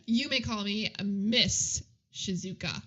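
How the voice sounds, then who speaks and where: Brief: woman playing a calm prim teacher in a dating game, soft and husky. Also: mid-range voice, slow pace, highs cut off.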